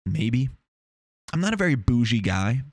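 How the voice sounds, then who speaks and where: A young, excitable podcast host from Long Island, New York, rambles and swears through a casual solo monologue, restarting himself constantly. His mid-range voice moves at a normal speed, recorded with studio quality and no echo on a lav or shotgun mic in a small foam-treated home room.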